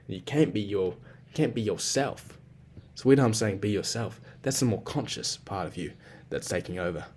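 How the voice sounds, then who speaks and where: Low-voiced young man, rambling and profane. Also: lively intonation, normal speed, a little mellow, breathy edge. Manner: rambling and self-reflective, with heavy swearing and slang. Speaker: vlogger. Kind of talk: casual spoken journal.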